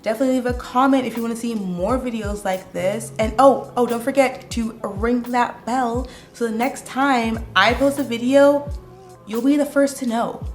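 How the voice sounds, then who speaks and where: A woman vlogging casually to camera, telling stories in a chatty, expressive way. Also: a little high, moderate pace, echoey room, soft background music. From United States.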